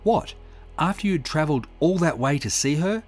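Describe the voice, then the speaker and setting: A man's voice: a little high, animated, normal speed, a little mellow, soft background music, pitched above the performer's own voice. A man voicing a stern male prosecuting barrister who presses the witness with pointed questions. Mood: pressing.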